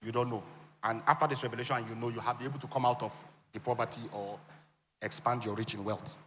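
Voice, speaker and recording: A man's voice: medium pitch, fairly even intonation, quick pace, a bit bright, a little hiss or hum. A man with a Nigerian accent giving an interactive teaching talk at a conference, quizzing the audience with call-and-response questions and teasing asides. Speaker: conference speaker teaching on wealth. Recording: long hall reverb.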